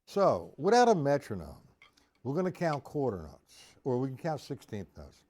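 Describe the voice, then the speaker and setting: A man teaching drums on a live stream, talking through exercises in a slow, chatty way, greeting viewers by name and scatting rhythms aloud. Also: medium pitch, wildly swooping pitch, darkish tone. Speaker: drum teacher. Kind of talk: live-streamed drum lesson.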